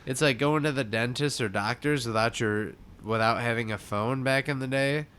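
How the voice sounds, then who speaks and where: A man's voice: mid-range voice, moderate pace, fairly bright tone, clean tone. A young man co-hosting a podcast, casually recapping a cartoon, joking, swearing and mimicking characters. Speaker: podcast co-host.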